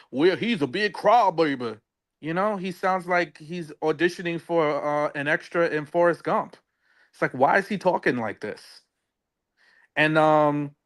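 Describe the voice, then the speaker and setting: A man's voice: on the high side, a bit bright. A man co-hosting a podcast, chatting casually about a reality show, rambling and searching for words with many fillers. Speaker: podcast co-host.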